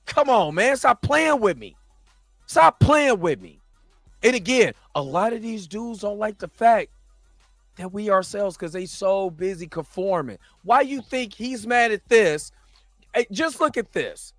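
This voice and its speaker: Brief: male reaction host, high voice, dry close sound, impassioned ranting delivery with stumbles and restarts. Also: lively intonation, measured pace, fairly bright tone, no room sound, faint music behind. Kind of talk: heated reaction commentary.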